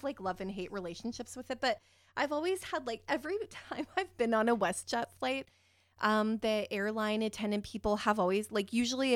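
A woman telling a personal story in a casual, animated way, giggly and swearing freely. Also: a little high, dry recording, clean studio sound.

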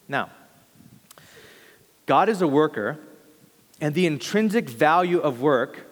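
A young pastor preaches with an earnest, conversational manner, now and then stumbling and restarting a phrase. His voice sits somewhat high for a man. The sound carries a long reverb, as if from a big hall. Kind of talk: sermon.

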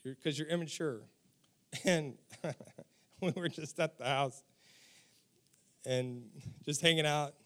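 A man in his forties with a high voice delivers a sermon. He tells stories from his own life with frequent chuckles and turns to speak directly to his listeners. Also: slow pace, long pauses, fairly bright tone. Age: 40s. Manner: chuckling storyteller, talks straight to the audience. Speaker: pastor. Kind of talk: sermon with humorous personal stories.

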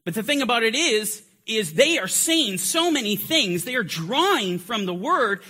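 A man's voice: very high-pitched, big pitch swings, normal speed, few pauses. A man teaching a Bible lesson in an emphatic way, pressing his points harder as he goes. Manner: emphatic, building to forceful climaxes. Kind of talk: teaching lecture.

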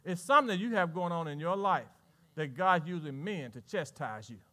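High, bright-voiced preacher. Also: male voice, lively intonation, brisk. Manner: preaching with sudden swings between loud and hushed; talks to the congregation with questions. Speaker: pastor. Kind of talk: sermon.

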